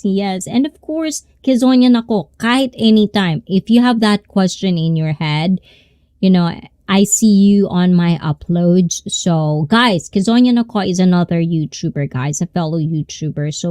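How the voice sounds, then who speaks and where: A woman talks to her viewers in a loose, rambling live-stream chat. Her voice sits a bit low and mellow, and she takes her time. The sound is dry and close. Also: no echo. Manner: rambling, conversational.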